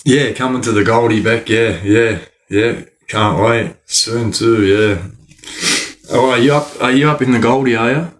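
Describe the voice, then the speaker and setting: Reading out the chat on his livestream, an Australian man keeps things casual, welcoming viewers by name, dropping lots of slang and laughing frequently. He has a mid-range voice and talks a little slowly.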